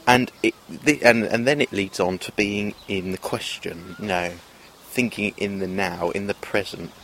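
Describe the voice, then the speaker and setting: A man with a fairly low voice rambles through a self-filmed video monologue, hesitating and restarting often. A faint hiss of background noise sits under his voice. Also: a little slow, fairly bright tone. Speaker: vlogger.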